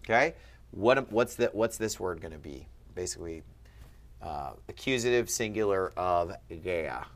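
Male teacher, low register, encouraging one-on-one quizzing. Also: lively intonation, unhurried. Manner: patient, quizzing, upbeat. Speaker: Ancient Greek teacher. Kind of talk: one-on-one lesson.

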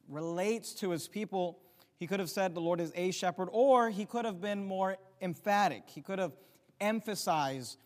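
Preacher with a higher voice in a reverberant hall. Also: male voice. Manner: emphatic, repeats key phrases, rises in volume for emphasis. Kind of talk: sermon. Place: church sanctuary.

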